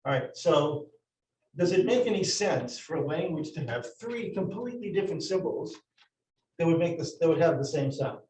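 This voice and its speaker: A man leads a classroom lesson, working step by step through his points and often stopping to question the class. His voice sits a little high. It is picked up from across a roomy classroom by a distant camera. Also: lively intonation, moderate pace, darkish tone. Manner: explains step by step with many restarts and questions to the class. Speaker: teacher. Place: classroom with a board. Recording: roomy, from far off the mic.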